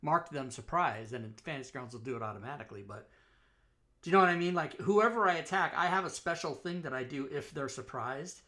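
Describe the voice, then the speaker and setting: Male player, slightly high voice, eager, pushes back on the rules. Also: animated, pushed and bright. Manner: eager, quick to argue the rules. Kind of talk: playing a tabletop game over a voice call.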